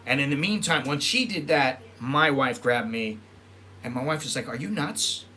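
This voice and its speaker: Rambling through his stories, this middle-aged man from the United States keeps fixing his own wording and performing others' lines for his vlog. He speaks at a normal speed with a medium-pitched voice that is bright and forceful, over slight background noise.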